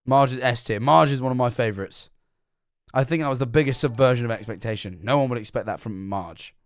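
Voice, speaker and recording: A man's voice: mid-range voice, fairly quick, clean tone, no echo. Chatty young man, dry close mic. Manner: chatty, self-mocking, stumbles over words. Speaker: streamer reacting to a video. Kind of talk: casual reaction commentary.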